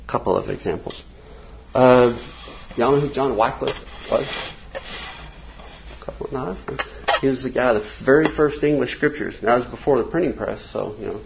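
Guy rambling thru a bible class, gravelly voice, kinda dull lo-fi sound. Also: mid-range voice, a little hiss or hum. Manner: rambling, reads quotes slowly and emphatically. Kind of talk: informal Bible class lecture with slides. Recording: dull lo-fi recording.

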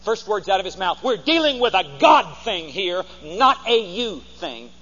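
High, animated preaching man. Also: unhurried. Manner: animated, theatrical, leads the congregation in call-and-repeat. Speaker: pastor. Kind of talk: sermon. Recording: dull sound with long hall reverb, faint hum.

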